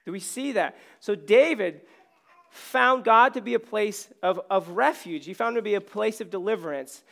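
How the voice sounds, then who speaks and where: A man preaching a casual, conversational sermon on stage while his voice is going hoarse. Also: high-pitched, expressive, normal speed, fairly bright tone. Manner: casual, self-deprecating, conversational preaching with many fillers. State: losing his voice. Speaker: pastor.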